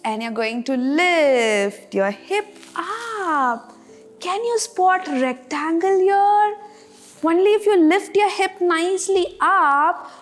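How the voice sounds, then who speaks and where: A woman leading a playful yoga class for kids, counting poses aloud and encouraging them. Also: high voice. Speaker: yoga instructor.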